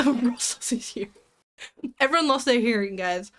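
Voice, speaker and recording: A woman's voice: a little high, unhurried. A young woman streamer chatting casually with her viewers while playing a game, giggling and joking. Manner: chatty, giggly, talks to chat. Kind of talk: casual gaming commentary.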